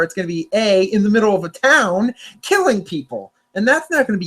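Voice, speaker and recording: A man's voice: high-pitched, animated, fast talker, hardly any pauses, a bit bright. A young man hosting a casual chat, rambling with lots of restarts and self-corrections. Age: young adult. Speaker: podcast host. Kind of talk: casual chat about storm forecasts.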